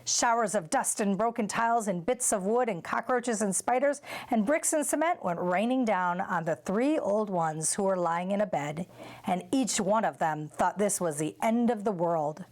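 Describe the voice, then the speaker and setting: A woman reads a children's chapter book aloud for school listeners. Her narration is clear and steady, in a plain storytelling voice. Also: mid-range voice, moderate pace. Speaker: school read-aloud reader. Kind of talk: reading a children's novel aloud.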